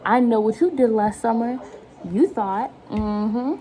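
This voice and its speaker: Rambling young woman, mellow higher voice. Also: slow, slight background noise. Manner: rambling, self-mocking, laughs often. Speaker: vlogger. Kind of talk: casual chat while cooking. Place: home kitchen.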